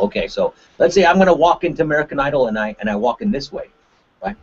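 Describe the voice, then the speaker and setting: A man from Korea, a martial arts instructor, giving an animated webinar talk on a call and tagging his points with "right?". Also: fairly high pitch, fast, a little hiss or hum. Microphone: conference call line. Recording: dull lo-fi call audio.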